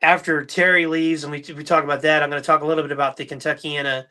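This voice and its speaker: A middle-aged man hosting a podcast, chatting casually and telling animated stories, now and then mimicking other people's voices. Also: fairly high pitch, quick pace. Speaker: podcast host. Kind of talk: casual chat.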